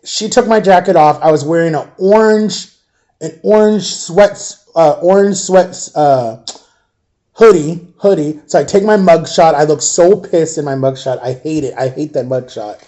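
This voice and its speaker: Rambling man telling a story, mellow voice. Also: fairly high pitch. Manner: rambling, animated, acts out quoted voices. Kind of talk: casual storytime vlog.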